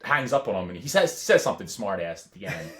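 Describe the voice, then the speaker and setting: A man's voice: sits low, big pitch swings, fast talker, fairly bright tone. A man in his thirties co-hosting a podcast, telling rambling stories in casual chat and laughing often. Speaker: podcast co-host.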